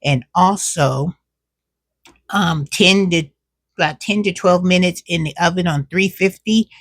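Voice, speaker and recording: A woman's voice: fairly low pitch, a little slow, dry recording, clean studio sound. A woman chatting casually to camera at home as a cooking and gardening vlogger, drawing out her words and calling viewers "child" and "y'all".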